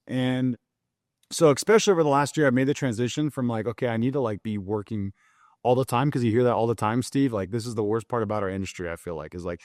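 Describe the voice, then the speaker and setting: A man's voice: mid-range voice, quick pace, a little mellow, no room sound, studio quality. A young man, a loan officer, talking loosely and candidly in an interview, with plenty of filler words. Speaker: mortgage loan officer, podcast guest. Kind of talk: casual conversational interview.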